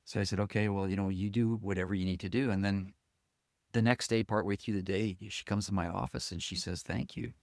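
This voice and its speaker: A man with a low, grounded voice speaks as a podcast guest. He tells his stories haltingly, restarting phrases and dropping soft asides. The sound is close and dry, with no room around it. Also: steady tone, no room sound. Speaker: guest, company chief executive. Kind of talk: conversational storytelling in a podcast interview.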